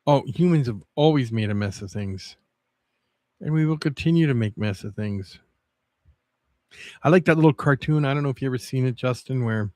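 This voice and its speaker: A man livestreaming, chatting casually with viewers in a rambling, halting way with many restarts. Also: medium pitch, a little mellow, dry recording, studio quality.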